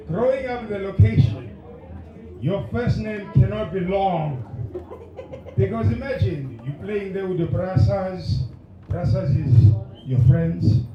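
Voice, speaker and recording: Male stand-up comic working the crowd with shouted bursts, voice a little off-mic in a live room. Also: high-pitched, dull audio. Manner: loud crowd work, sudden shouted bursts. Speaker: stand-up comedian. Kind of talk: stand-up comedy set. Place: comedy club stage. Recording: roomy live venue, mic at distance, audience. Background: laughing audience.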